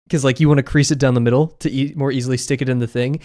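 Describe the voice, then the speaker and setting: A man's voice: mid-range voice, steady tone, fast talker, hardly any pauses, a little mellow. A man chatting casually while drawing on a livestream, rambling with frequent laughs and fillers. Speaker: streamer.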